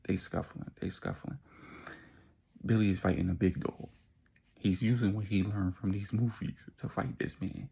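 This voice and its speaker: A man's voice: on the low side, fairly even intonation, moderate pace, gravelly, dark tone, husky. A man telling a story in a casual, slangy, laid-back way, adding his own sound effects.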